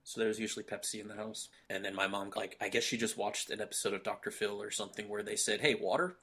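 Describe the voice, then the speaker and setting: A man's voice: fairly low pitch, monotone, fast talker, fairly bright tone, breathy edge. A young man hosting a casual podcast chat, laid-back and joking, laughing often. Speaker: podcast host.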